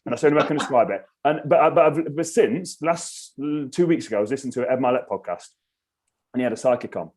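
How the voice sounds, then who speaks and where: A man, a podcast guest telling a story in casual chat, animated and swearing freely. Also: medium pitch, fast talker, slightly rough. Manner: animated, swears freely, acts out his own reactions.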